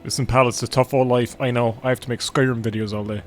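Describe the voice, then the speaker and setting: A man's voice: medium pitch, flat delivery, quick pace, few pauses, slight background noise. A young man giving casual, jokey gameplay commentary and swearing freely. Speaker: gaming YouTuber. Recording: faint game music behind.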